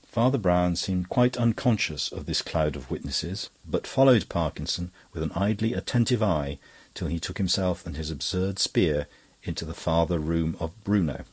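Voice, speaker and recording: A male audiobook narrator with a deep voice and a husky edge. He reads in a measured, even way. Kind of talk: scripted narration.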